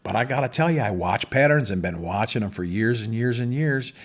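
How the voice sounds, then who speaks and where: Husky rambling middle-aged man. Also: mid-range voice, brisk. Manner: rambling, animated retelling with many restarts. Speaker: podcast host. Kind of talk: casual monologue.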